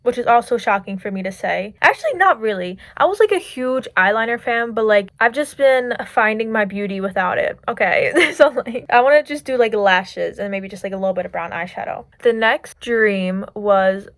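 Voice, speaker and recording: While applying makeup at home, a young adult woman vlogs casual stories, giggling and chatting with heavy use of "like." Her mid-range voice is a bit bright with lively intonation, normal speed and few pauses, captured in studio quality without echo.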